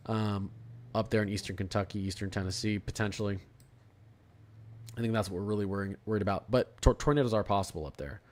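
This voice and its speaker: A young man from Florida hosting a live weather stream, talking casually about forecasts, repeating and restarting phrases as he reads chat. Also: on the low side. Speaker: weather livestream host.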